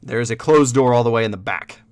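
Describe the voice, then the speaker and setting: A man's voice: medium pitch, fast, dry recording. A man running a tabletop game as game master, narrating loosely with lots of casual fillers and the odd swear.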